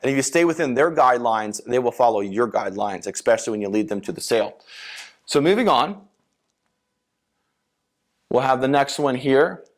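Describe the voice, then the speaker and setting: Male sales coach giving a seminar, loose conversational delivery, average pitch. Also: animated, normal speed, pauses often. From Philadelphia. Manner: casual, conversational, fillers, acts out sales lines. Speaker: sales trainer. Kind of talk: seminar lecture.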